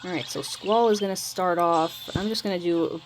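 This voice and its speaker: A woman who makes mobile game videos gives casual gameplay commentary for her channel, rambling, hesitant, trailing off, and admitting she's mumbly. Her voice is on the low side at normal speed, with soft background music in a low-quality recording.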